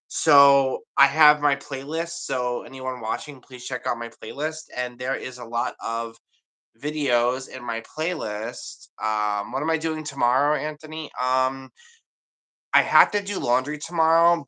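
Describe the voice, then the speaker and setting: A man's voice: mid-range voice, bright, forceful tone, low-quality recording. A man chatting casually on a livestream, rambling and confiding in an emotional way.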